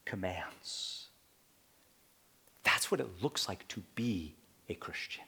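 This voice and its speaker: A man preaching a sermon, swinging from loud, emphatic lines to hushed whispers and repeating key points. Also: mid-range voice, huge pitch swings, slow pace, pauses often.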